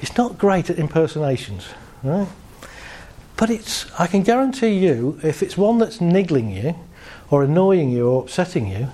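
A man giving a humorous, animated talk to a live audience, shifting his pace and voice for effect. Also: a little high, moderate pace. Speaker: speaker.

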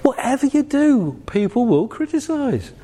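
A man's voice: very high-pitched, moderate pace. A man giving a jokey, conversational motivational talk to a live audience, acting out voices as he goes. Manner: animated, conversational, jokey, acts out quoted voices. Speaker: motivational speaker. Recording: long hall reverb.

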